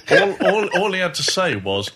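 A male podcast co-host reading listener submissions aloud, with a husky voice and a swooping delivery. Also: high-pitched, heavy background noise.

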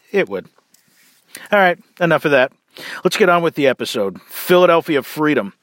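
A man hosting a casual Bible teaching podcast, chatty and jokey in his asides, then reading scripture aloud at a steady pace. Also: fairly high pitch, no room sound, studio quality. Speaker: podcast host.

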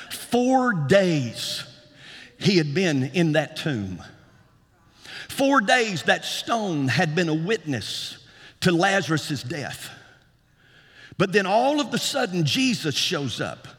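A man preaching a sermon in a rhythmic style that climbs to shouts and repeats words for emphasis. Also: high voice, very animated, slow, pauses often, husky. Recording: long hall reverb.

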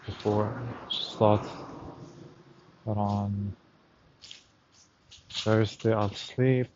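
A man's voice: on the low side, darkish tone, dull audio, slight background noise. A man talking to himself on a night walk outdoors, recounting a story in a reflective, casual monologue. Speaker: vlogger.

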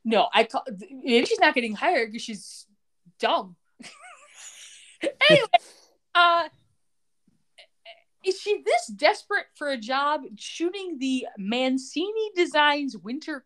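Woman cohost ranting about a show, swears a lot, highish voice that bounces all over. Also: fairly bright tone. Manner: blunt, profane, laughs often. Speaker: podcast co-host. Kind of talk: casual TV recap chat.

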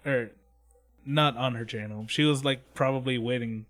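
A man's voice: mid-range voice, fairly even intonation, moderate pace, fairly bright tone. Rambling, profane man recapping a story. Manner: profane, rambling, acts out scenes in quoted voices. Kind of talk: casual chat recapping an anime.

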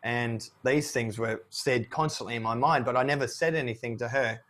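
A man's voice: mid-range voice, normal speed. Reflective man in candid conversation. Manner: reflective, animated when retelling his own lines. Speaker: guest.

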